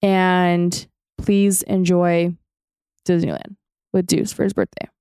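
Mujer de voz clara y tersa. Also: female voice, lowish voice, slow pace, clear, resonant tone, dry recording. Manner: animated storytelling, acts out quotes. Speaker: podcast co-host. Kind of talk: casual chat.

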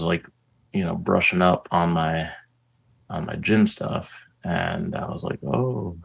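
A man's voice: low-pitched, vocal fry, poor audio. A young man telling a story as an interview guest, casual and profane, with lots of "like"s. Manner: profane, animated storyteller with many "like"s.

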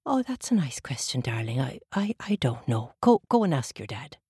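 A woman's voice: extremely low pitch, big pitch swings, normal speed, slightly rough, no room sound, clean studio sound, exaggerated voice. A woman voicing a fond mother who stammers and passes the question on. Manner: warm, flustered stammering. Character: fond but evasive mother.

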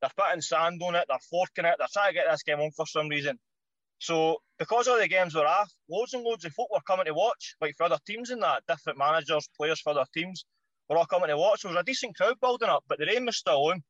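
A man with a Scottish accent, a former footballer telling stories as a podcast guest in an animated, slangy way, swearing freely. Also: on the high side, quick pace, dry recording, dull audio. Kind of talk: casual anecdote telling.

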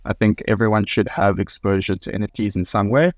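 A man with a South African accent, a guest researcher, answering in a measured way with frequent pauses. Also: on the low side, steady tone, darkish tone, no echo. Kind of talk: casual panel talk.

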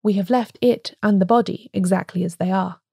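A woman reading as a calm, sensible police inspector who speaks matter-of-factly. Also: medium pitch, brisk, creaky, husky, dry recording, studio quality. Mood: firm.

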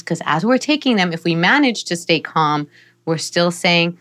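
Woman, lower pitch, middle-aged, psychologist guest, earnest explainer, podcast conversation. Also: a little slow. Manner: earnest, explanatory, playfully animated in examples. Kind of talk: podcast interview explaining parenting.

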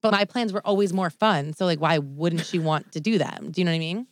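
A woman co-hosting a podcast, telling a story in an animated way with lots of "like" fillers. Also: on the low side, brisk, no room sound, studio quality. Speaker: podcast co-host. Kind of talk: casual chat, storytelling.

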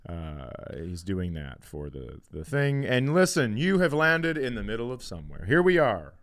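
A man's voice: lowish voice, very animated, normal speed, a bit bright. Man, comedy podcast co-host, exasperated ranting, casual banter. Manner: exasperated ranting about everyday annoyances.

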